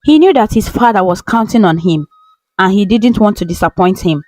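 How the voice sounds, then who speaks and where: A woman reading a scripted story in a steady, even narration. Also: medium pitch, normal speed, no echo, soft background music, rough recording.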